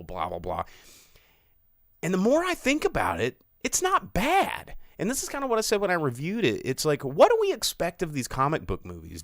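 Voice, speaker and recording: A man co-hosting a podcast, talking about films in a casual, animated and sarcastic way, often mocking others in put-on voices. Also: mid-range voice, no room sound, studio quality. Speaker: podcast co-host. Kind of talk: casual film chat. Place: studio.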